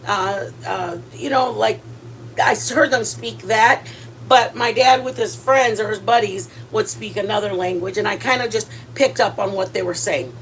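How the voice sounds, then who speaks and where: A woman's voice: medium pitch, moderate pace, slight background noise. A woman hosting a home cooking vlog, chatting casually in a rambling way with lots of fillers and restarts and dropping in Spanish words. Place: home kitchen.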